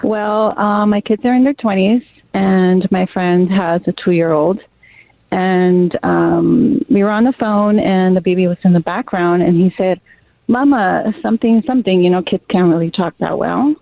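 A woman's voice: fairly low pitch, steady tone, unhurried, creaky, dry recording. A middle-aged woman calling into a radio show, chattily telling a story about crying. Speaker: caller. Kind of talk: telling a story on air by phone. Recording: tinny phone line.

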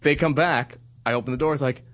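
A man's voice: medium pitch, fast talker. A man in his thirties in casual chat, animatedly telling a story and acting out the people in it. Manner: animated storyteller, acts out quotes.

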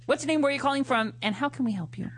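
A man's voice: extremely high pitch, very fast, a bit bright. A man co-hosting a comedic advice talk show, telling things in a theatrical, exaggerated way. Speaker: co-host. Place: studio.

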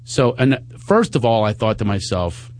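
A man's voice: moderate pace, a little hiss or hum. A man hosting a radio talk show, telling comic stories and acting out the people in them. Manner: animated storytelling, acts out quotes in a high voice. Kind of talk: casual comedic chat.

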